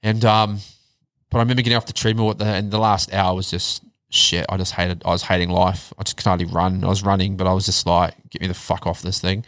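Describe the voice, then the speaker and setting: A man telling his life story in a casual chat, blunt and animated, swearing heavily. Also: low-pitched, fast talker, no echo. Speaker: podcast guest.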